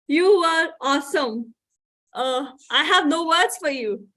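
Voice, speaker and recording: A woman's voice: high voice, expressive, takes it slowly, sharp tone. A woman hosting a student performance event, effusive and heaping praise on performers. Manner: effusive, piles on praise words. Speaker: event host. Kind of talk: introducing performers.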